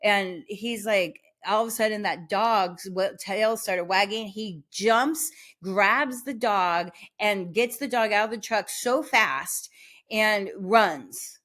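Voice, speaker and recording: A woman hosting a podcast, telling a personal story in a rambling, animated way, full of restarts and filler words. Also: mid-range voice, takes it slowly. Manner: animated, acts out the voices in her story. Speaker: podcast host.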